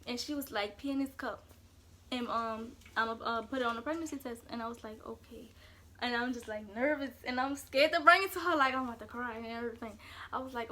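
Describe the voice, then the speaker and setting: A woman's voice: on the high side, pushed and bright, slight background noise. A young woman, telling a casual storytime vlog in a chatty way, full of "like". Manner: casual, chatty, fillers of "like" throughout. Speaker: vlogger.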